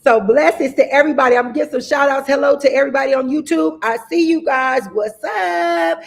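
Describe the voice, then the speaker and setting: A woman minister hosting a livestream, giving announcements in a lively, preacher-like way and greeting viewers by name. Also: high-pitched, brisk, creaky, hardly any pauses. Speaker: host and minister. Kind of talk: livestream announcements and shout-outs.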